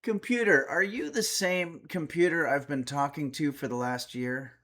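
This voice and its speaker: Man streamer, raised pitch, reads chat aloud with wry asides, at home. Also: moderate pace, a bit bright. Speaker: streamer and cooking host. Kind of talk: casual livestream chat.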